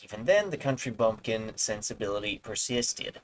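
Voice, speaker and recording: A man's voice: lowish voice, expressive, moderate pace, slight background noise, rough recording. A male streamer reading an article aloud with rambling, sarcastic asides. He swears now and then and trips over words as he reads. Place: home streaming setup.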